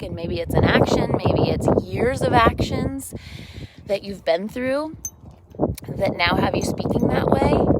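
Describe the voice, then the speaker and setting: A woman fitness instructor giving a reflective, encouraging talk during a workout class, building on repeated phrases. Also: mid-range voice. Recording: loud background noise with clicks.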